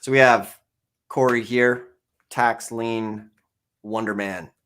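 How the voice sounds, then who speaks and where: A man hosts a live stream in a casual, loose way. He jokes lightly as he introduces a screen-share lesson. His voice sits at an ordinary middle pitch. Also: steady tone, slow pace, a bit bright, slight background noise.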